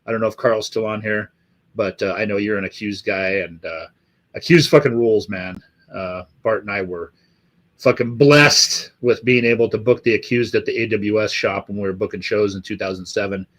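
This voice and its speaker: A man's voice: fairly low pitch, normal speed, a bit bright. A middle-aged man hosting a live stream, chatting loosely and swearing in nearly every sentence after a few drinks. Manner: profane, rambling, swears constantly. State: has been drinking. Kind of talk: casual live-stream chat.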